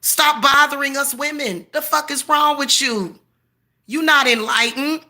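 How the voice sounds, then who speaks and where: Her voice sits high and comes out a little slow, pushed and bright. She's a woman in her 40s boasting and cursing defiantly in a confrontational rant aimed directly at the camera.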